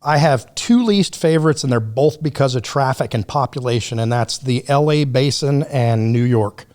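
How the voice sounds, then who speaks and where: A man's voice: medium pitch, normal speed, a little mellow. Blunt, profane man telling stories. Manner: blunt, profane, laid-back storyteller. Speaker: podcast guest. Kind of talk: casual storytelling chat.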